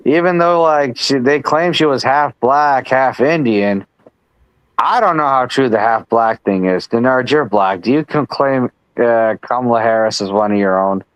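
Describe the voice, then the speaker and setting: A man's voice: mid-range voice, normal speed, smooth, no echo, low-quality recording. A man hosting a casual political chat on a live stream, rambling with lots of restarts and asides. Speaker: host.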